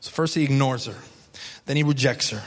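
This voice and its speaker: A man's voice: mid-range voice, brisk, big-room sound. A man preaching a sermon, telling the story in a casual, conversational way with emphatic repetition. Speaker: pastor.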